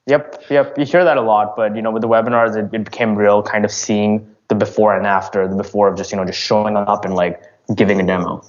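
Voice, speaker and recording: Brief: lower-voiced man, casual interview guest, stops and restarts a lot, muffled lo-fi audio. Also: little pitch movement. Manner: halting, many fillers and restarts. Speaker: startup founder.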